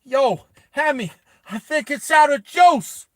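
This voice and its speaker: Brash action-movie hero, loud and high, yelling, as a storyteller puts him on. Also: male voice, lively intonation, slow pace, no room sound, studio quality, full character voice. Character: gruff young male action hero, wild.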